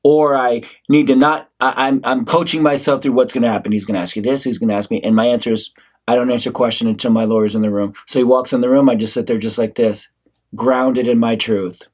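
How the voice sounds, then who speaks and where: A man's voice: medium pitch, fairly even intonation, fairly quick, darkish tone. A male acting instructor giving a talk on scene breakdown in a casual, conversational way, now and then acting out short lines himself. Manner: conversational, demonstrates lines in character. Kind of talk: acting class lecture.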